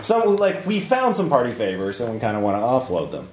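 A man's voice: medium pitch, wildly swooping pitch, a little fast, a little mellow, roomy sound, slight background noise. A man playing a tabletop game, talking hesitantly with many fillers. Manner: hesitant, lots of uh and restarts. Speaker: player.

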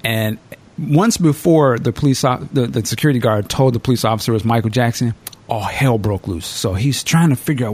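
A man hosting a casual podcast, spinning stories with lively energy and dropping curse words without a second thought. His voice sits at an everyday middle pitch, and his delivery stays loose and conversational. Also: a little fast, husky. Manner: animated storyteller, swears freely. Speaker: podcast host.

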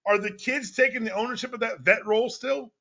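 A man's voice: very high-pitched, brisk, gravelly, pushed and bright, lo-fi sound. A man in his thirties hosting a casual sports podcast, playful and mock-indignant as he jokes with his guest. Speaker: podcast host.

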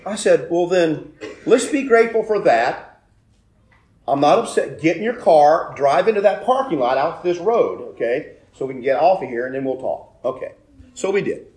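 A man preaching a sermon, telling a personal story with loud emphatic bursts and quiet asides. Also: on the high side, expressive, moderate pace. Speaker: pastor.

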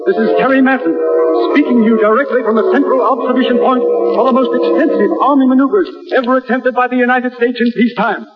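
Formal radio announcer, high voice, long echoing reverb, dull old radio sound. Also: male voice. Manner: formal broadcast narration. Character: male radio announcer at war maneuvers.

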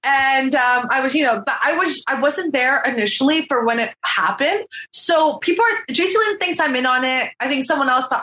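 A woman tells a story in a casual interview, lively and quick to act out what others said. Her voice sits a little high. The room around her is echoey. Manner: animated storyteller, acts out quotes. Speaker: reality show contestant.

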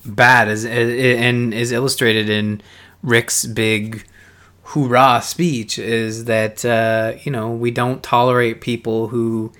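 A man's voice: mid-range voice, little pitch movement, slow, a bit bright. A man co-hosting a casual podcast chat about a TV show, thinking aloud with frequent "you know" and restarts. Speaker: podcast co-host.

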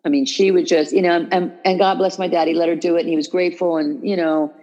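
A woman with a low, mellow voice talks in a loose, conversational way. She restarts sentences and leans on fillers as she builds her point. The audio is dull and lo-fi, like a remote call. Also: fast talker. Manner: animated, restarts often, many fillers. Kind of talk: casual conversational chat. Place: New York.

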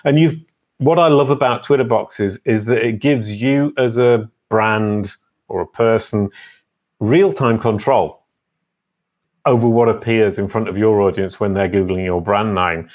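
A man's voice: lowish voice, unhurried, a little mellow. A man hosting a casual online interview, chatty and enthusiastic with playful teasing. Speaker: host.

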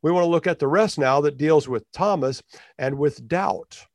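A man preaching to his congregation in an easy, conversational way, often circling back to restart a phrase. His voice sits slightly high for a man. The sound is dry and close, with little room around it. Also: moderate pace, no room sound. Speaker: pastor. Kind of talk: sermon.

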